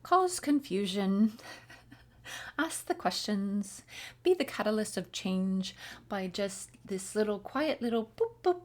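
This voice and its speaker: A woman giving a channeled spiritual reading, playful and giggly, often dropping into soft whispers. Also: mid-range voice, takes it slowly. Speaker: spiritual reader.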